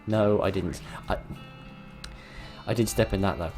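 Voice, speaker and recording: A man's voice: low voice, a little slow, long pauses, darkish tone, soft background music. Sarcastic man reading a game aloud. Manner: dry, sarcastic, rambling asides. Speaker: gaming video host. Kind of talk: let's-play commentary and reading game text.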